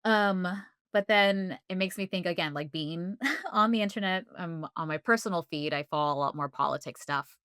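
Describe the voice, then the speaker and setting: A woman's voice: fairly low pitch, normal speed, few pauses, a bit bright, smooth, no echo, studio quality. A woman co-hosting a podcast in casual chat, rambling with lots of fillers and frequent laughter. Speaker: podcast co-host.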